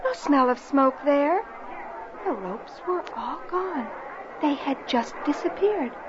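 A woman narrating a rhyming children's story and lesson in a slow, expressive, sing-song way, on a lo-fi recording. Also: high voice, a crowd in the background, noisy background. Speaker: narrator and teacher. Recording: lo-fi recording with soft music.

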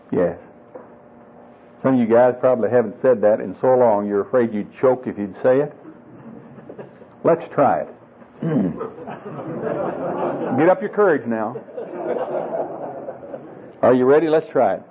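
A man's voice: mid-range voice, expressive, normal speed, long pauses, slightly rough. An older man preaching a sermon to married men, folksy and humorous, coaxing his listeners along. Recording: tinny lo-fi phone-like sound.

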